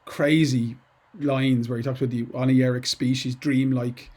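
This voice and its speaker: A man's voice: mid-range voice, little pitch movement, normal speed, darkish tone, slightly rough. A middle-aged man teaching poetry to students in a chatty, digressive way, full of asides and restarts. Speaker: English teacher. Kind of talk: informal lesson to students.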